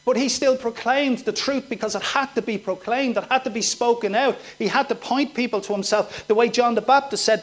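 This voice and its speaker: A man's voice: very high-pitched, brisk, hardly any pauses, fairly bright tone. A man preaching a sermon, asking his listeners direct questions and acting out the voices of the people he describes. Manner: questioning, emphatic, acts out quoted voices.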